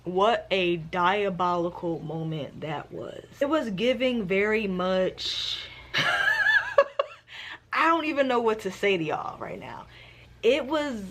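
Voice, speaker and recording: A woman chatting casually on her reading vlog, sassy and animated, full of slang and mock exasperation. Her voice sits in a middle register, and a faint hum of room ambience hangs behind her. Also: mid-range voice, measured pace. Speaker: book vlogger. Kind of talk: casual book review chat.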